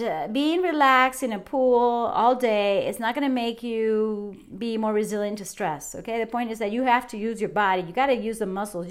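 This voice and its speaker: A middle-aged woman hosting a fitness podcast, talking casually and cheerfully straight to her listeners. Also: a little high. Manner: chatty, upbeat, addresses listeners directly. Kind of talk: casual wellness talk.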